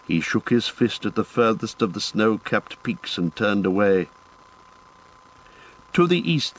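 Man reading a fantasy book out loud, lowish voice, steady and descriptive. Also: rough recording. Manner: measured, descriptive reading with lifted phrase starts. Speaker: audiobook narrator. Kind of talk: scripted fantasy narration.

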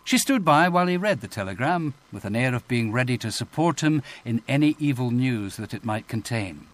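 A man narrating an audiobook in a measured, expressive reading voice. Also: medium pitch. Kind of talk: scripted narration.

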